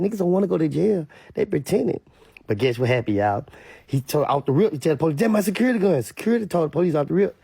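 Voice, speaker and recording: A man's voice: mid-range voice, creaky, dark tone, slightly rough, dry recording. A man with a Louisiana accent giving blunt, emphatic, repetitive commentary in a casual rant. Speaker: online commentator.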